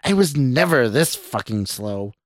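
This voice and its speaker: A man's voice: medium pitch, big pitch swings, measured pace, dry recording, studio quality. A man voicing a sneering, crude male serial killer heard as a ghostly inner voice, barking and mocking. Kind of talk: audio drama reading.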